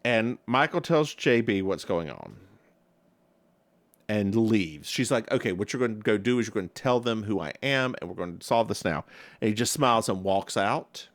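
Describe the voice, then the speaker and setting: A man's voice: lowish voice, expressive, moderate pace, no room sound. A man co-hosting a podcast, recapping a TV episode in a campy, gossipy chat. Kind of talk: casual chat.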